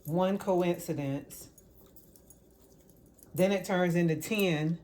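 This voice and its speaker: A woman's voice: fairly low pitch, slow, a little mellow. A woman vlogging casually as she cooks in her home kitchen. She rambles as she talks and repeats words for emphasis. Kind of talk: casual cooking vlog chat.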